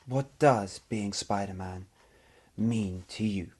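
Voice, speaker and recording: A man playing a mock-earnest male TV field reporter, interviewing in a deadpan comedy sketch. His husky voice has a slightly rough edge. He asks his questions slowly and deliberately. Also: lowish voice.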